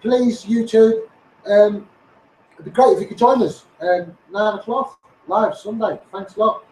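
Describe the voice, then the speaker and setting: A man with a Scouse accent, excitedly live streaming and boasting as an online campaigner. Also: sits high, unhurried, reverberant, a little hiss or hum, low-quality recording. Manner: boastful, laughing, hyped up.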